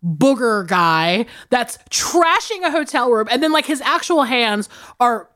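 A woman co-hosts a podcast, telling a film's story in loose, lively chat. Her voice sits on the higher side and swoops widely as she talks, with cursing along the way. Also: measured pace. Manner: animated, swearing, big laughs. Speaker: podcast co-host. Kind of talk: casual chat, recapping a film.

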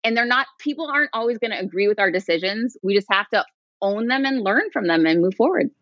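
Middle-aged lady, author guest, lively storytelling, kinda dull lo-fi sound, dry. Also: on the high side, quick pace, no room sound. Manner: animated, acts out what others said. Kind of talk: conversational storytelling.

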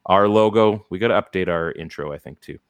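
A man's voice: sits low, a little fast, clear, resonant tone, no echo. A man hosting a casual sports podcast, rambling through advice with lots of fillers. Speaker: podcast host. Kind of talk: casual fantasy sports chat.

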